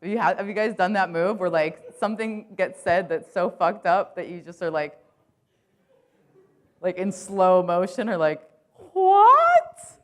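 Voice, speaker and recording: A woman's voice: on the low side, steady tone, normal speed, few pauses. A woman in her thirties giving a conference keynote, telling a casual, profane story packed with "like" fillers. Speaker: keynote speaker. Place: conference stage.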